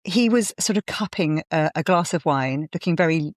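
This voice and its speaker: A woman hosts a casual podcast chat, encouraging her guest and laughing often. Her lowish voice rises and falls in a very lively way. The sound is dry and close. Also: no echo. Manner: warm, encouraging, quick to laugh. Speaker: host.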